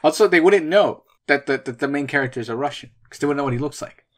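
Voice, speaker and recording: A man's voice: on the high side, lively intonation, fast talker. A young man co-hosting a podcast in casual chat, dry and teasing, rambling with fillers. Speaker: podcast co-host.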